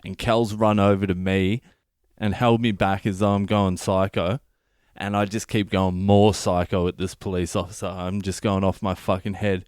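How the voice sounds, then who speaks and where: Profane Australian comedian telling a story. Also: male voice, sits low, level tone, normal speed, darkish tone, clean tone, dry recording, clean studio sound. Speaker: comedian and podcast host. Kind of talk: comic storytelling monologue.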